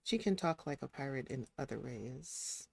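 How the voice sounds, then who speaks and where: Gravelly, chatty game streamer. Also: medium pitch, lively intonation, moderate pace, no echo. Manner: chatty, talks to the game characters. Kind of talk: casual live-stream commentary while playing.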